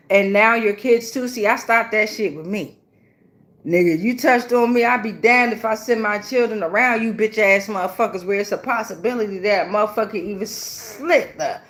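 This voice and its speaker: A woman doing a casual live tarot reading, blunt and chatty with a lot of profanity and slang. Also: medium pitch. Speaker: tarot reader.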